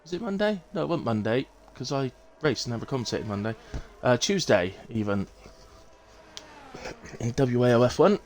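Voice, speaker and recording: A young man with a West Country English accent, commentating a sim race on a live stream and chatting with viewers, in a relaxed way full of fillers and self-corrections. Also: medium pitch, moderate pace. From England.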